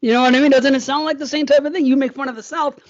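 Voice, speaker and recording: A man's voice: very high voice, fairly even intonation, racing, highs cut off. Curious American man asking questions. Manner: curious, asks many questions. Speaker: podcast co-host. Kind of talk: casual chat.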